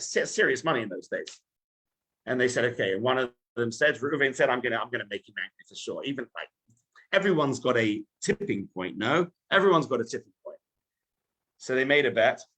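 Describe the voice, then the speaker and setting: Man, rabbi, sermon, animated storytelling, bright, slightly husky. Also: mid-range voice. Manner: animated storytelling, addresses listeners directly.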